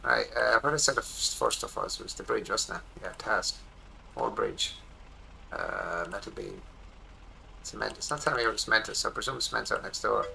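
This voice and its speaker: An Irish man in his forties, a streamer rambling excitedly through casual commentary while he plays a game at his home desk. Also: lowish voice, normal speed, creaky, slight background noise, low-quality recording. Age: 40s.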